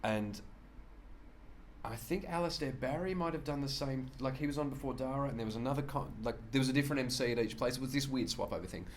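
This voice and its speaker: A comedian, telling lively anecdotes in a casual interview, often laughing and acting out voices. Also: male voice, mid-range voice, quick pace, slight background noise. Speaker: comedian guest. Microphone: shared handheld microphone.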